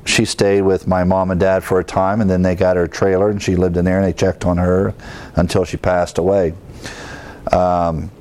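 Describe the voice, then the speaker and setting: Low-voiced man teaching the Bible. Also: a little mellow. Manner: explains scripture plainly, reads verses aloud, with fillers and restarts. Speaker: pastor.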